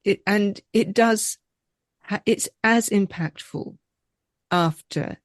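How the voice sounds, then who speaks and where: A woman's voice: medium pitch, takes it slowly, no room sound, clean studio sound. A woman co-hosting a podcast who responds in an affirming way. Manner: warmly affirming, moved. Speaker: podcast co-host. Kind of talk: conversational interview.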